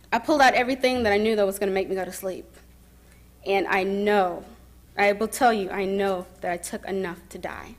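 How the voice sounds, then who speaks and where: A young woman sharing her story at a summit. She speaks softly and with emotion, pausing and starting over as she goes. Her voice sits at an ordinary pitch for a woman. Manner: soft-spoken and emotional, pausing and restarting. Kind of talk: personal testimony speech. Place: summit event.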